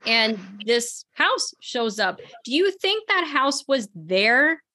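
Bright-voiced chatty woman. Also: a little high, very animated, slow pace. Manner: chatty, rambling, laughs often. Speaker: podcast host. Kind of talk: casual chat.

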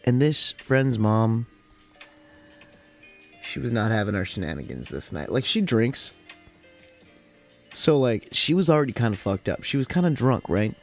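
A man from the California desert hosting a podcast, telling stories in a loose, profane, rambling way, tired after work. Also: on the low side. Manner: rambling, profane, heavy use of "like". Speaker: podcast host. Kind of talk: casual storytelling chat.

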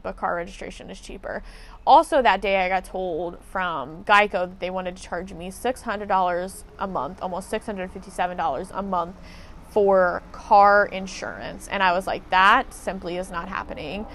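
A woman's voice: mid-range voice, creaky. A woman telling a casual story as a podcast host, blunt and profane as she vents her frustration.

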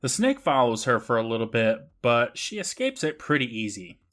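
A man's voice: mid-range voice, huge pitch swings, moderate pace, a bit bright. A man co-hosting a podcast, casually recapping an episode with lots of laughter and swearing, often mimicking the characters. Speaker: podcast co-host.

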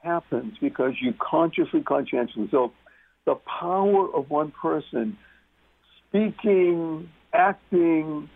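A man's voice: a little high, slow, vocal fry. A man talking as a guest on a talk radio show, emphatic and repeating key words for stress. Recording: muffled phone-line radio sound.

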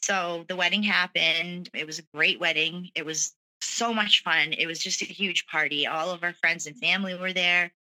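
A woman with a fairly low voice shares a personal story as a guest, candid and earnest and peppered with "you know" and "like." Her intonation stays fairly even at a moderate pace with hardly any pauses, and her tone is bright and forceful. The audio is poor.

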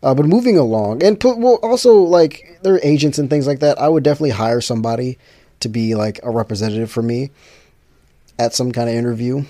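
A man's voice: mid-range voice, fast, warm tone, dry recording. A man chatting casually to his viewers, rambling with frequent restarts and fillers.

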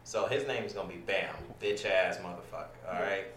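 A low-voiced man hosts a casual podcast, speaking fairly quickly in a somewhat bright tone, loose with ums, restarts, and swearing. The mic sits at a distance in an echoey room with faint noise.

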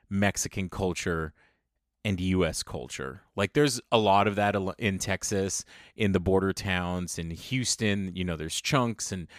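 A man with a low voice co-hosts a podcast recap. He talks in a relaxed way, laughs along with his co-host and drifts into rambling stories. The recording is dry and close. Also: no room sound. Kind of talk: casual chat recapping a reality show.

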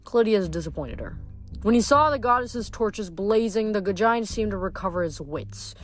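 A woman's voice: mid-range voice, expressive, moderate pace, soft background music. A woman reading a novel aloud, stumbling and correcting herself, with chatty asides between chapters. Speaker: audiobook reader.

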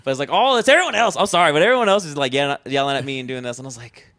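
A man's voice: on the high side, very fast, pushed and bright, dry recording. Man rambling through a story, dry room. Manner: rambling storytelling, swears casually, acts out his own past lines. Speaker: podcast guest, festival founder. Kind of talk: casual chat.

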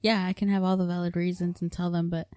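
A woman co-hosting a casual podcast chat. Her voice sits fairly low for a woman, and the sound is dry and close. She talks bluntly and swears freely. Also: level tone, fast, dark tone, no echo. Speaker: podcast co-host.

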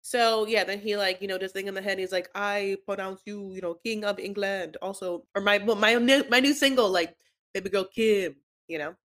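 A woman's voice: medium pitch, steady tone, moderate pace, a bit bright. A woman co-hosting a podcast, telling a reality-show recap in a rambling, playful way. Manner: rambling, lots of fillers, playful. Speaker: podcast co-host. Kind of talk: casual recap chat.

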